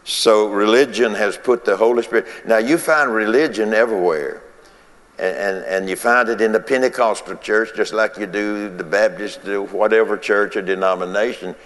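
A man's voice: lowish voice, moderate pace, fairly bright tone, long reverb tail. A man preaching a folksy sermon, repeating phrases and chuckling between points.

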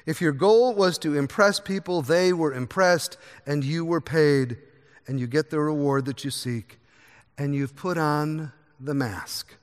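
A man preaching a sermon from the pulpit, earnest and varied, quieter during prayer. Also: on the high side, measured pace. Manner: earnest, varies pace, drops to a soft voice in prayer. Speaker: pastor. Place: church sanctuary. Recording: long echo of a large church hall.

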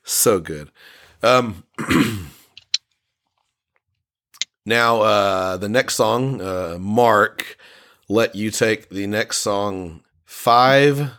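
A man co-hosting a casual album discussion, enthusiastic and halting, full of fillers and restarts. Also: lowish voice, fairly bright tone. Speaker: podcast co-host reviewing an album.

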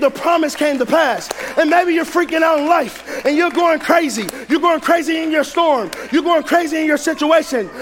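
High-pitched shouting preacher man. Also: a little hiss or hum. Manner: shouting, animated preaching with acted-out voices. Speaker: pastor. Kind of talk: sermon.

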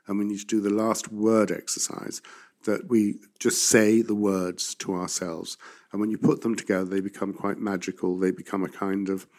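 A man with a low, mellow voice talks through how actors should speak verse. He sounds reflective. He gets emphatic when he gives advice. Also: flat delivery, moderate pace. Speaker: voice and verse coach. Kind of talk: expert explaining in a conversation.

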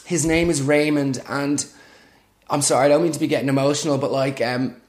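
A man's voice: mid-range voice, fairly even intonation, brisk, a little mellow, roomy sound, lightly acted. A man putting on a gushing young influencer woman. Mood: fake-sentimental. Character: vapid young female influencer, self-pitying.

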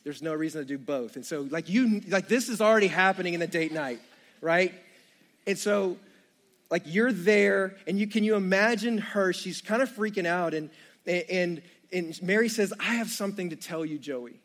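A man's voice: high voice, normal speed, a bit bright. A young man preaching a sermon, retelling the story with jokey asides and playful asides to the congregation. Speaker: pastor.

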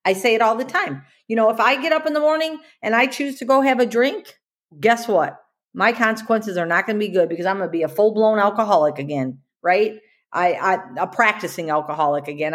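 Woman podcast host, earnest motivational solo talk, repeats herself and asks rhetorical questions, mid-range voice. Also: mid-range voice. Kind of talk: motivational monologue.

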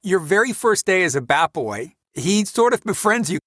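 A man's voice: high voice, big pitch swings, fairly bright tone, no echo. Podcast host man, dry close sound. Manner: measured, prepared recaps. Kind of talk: interview questions.

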